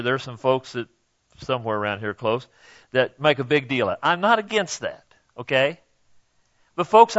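A man's voice: on the high side, fairly bright tone, dull audio. An older man preaching a sermon in a folksy, conversational way, speaking directly to the congregation. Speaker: pastor.

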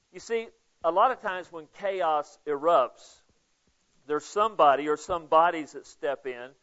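A man's voice: a little high, fairly bright tone. A man preaching a casual, conversational Bible study sermon, asking listeners questions by name. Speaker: pastor. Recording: dull lo-fi sound.

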